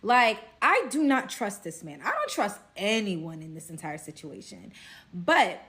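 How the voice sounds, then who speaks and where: A woman's voice: fairly high pitch, a bit bright. A young woman from Brooklyn, telling a dramatic story in a chatty way, full of "like" and "right?". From Brooklyn, New York. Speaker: storyteller vlogger. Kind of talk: casual storytime.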